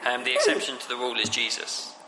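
A man gives a sermon in a bright, sharp-toned voice, talking it through casually with many ums and restarts. His voice rings around a large echoey hall with a long reverb tail. A faint room hum sits underneath. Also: medium pitch, huge pitch swings, fast. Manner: conversational, many fillers and restarts. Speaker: preacher. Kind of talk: sermon on scripture.

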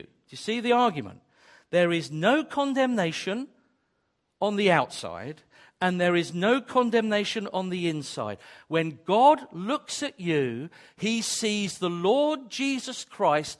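Male preacher, higher-pitched, very animated delivery, emphatic with jokey asides. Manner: emphatic, repetitive, builds to exclamations; joking asides. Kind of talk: sermon.

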